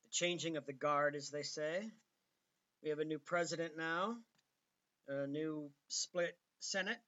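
Male show host, casual rambling commentary, bright tone, muffled lo-fi sound. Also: fairly high pitch, fairly even intonation, measured pace. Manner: conversational, many ums and restarts. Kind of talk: casual political commentary monologue.

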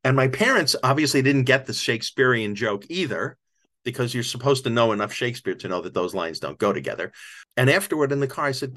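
A man's voice: mid-range voice, animated, fast talker, a bit bright. Older male author, guest on a podcast, reflective and emotional storyteller, plain mid-range voice. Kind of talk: storytelling in an interview.

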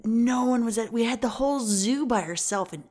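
A woman's voice: on the high side, moderate pace, a little mellow. A woman co-hosting a casual podcast chat who giggles often and teases playfully. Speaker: podcast co-host.

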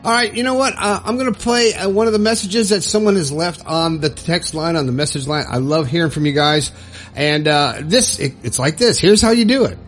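A man's voice: fairly high pitch, fairly quick, fairly bright tone, soft background music. A man hosting his own podcast, talking in a chatty, upbeat, folksy way. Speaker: podcast host. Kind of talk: casual solo podcast talk.

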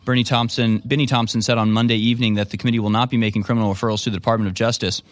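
A man's voice: mid-range voice, steady tone, very fast, no echo. A man hosting a political talk radio show, delivering a sarcastic monologue and mocking his opponents. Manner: sarcastic, mocks opponents in put-on quotes.

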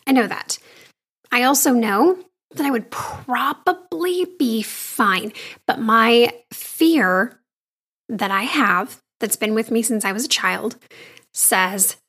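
Woman, husky voice, fairly high, earnest, soft near-whispers. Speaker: vlogger. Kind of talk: casual storytelling to viewers.

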